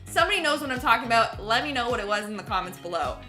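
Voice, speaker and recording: A woman's voice: a little high, animated, very fast, pushed and bright, faint music behind. A woman hosting a clip reaction video, chatting casually with slang and giggles. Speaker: host reacting to clips.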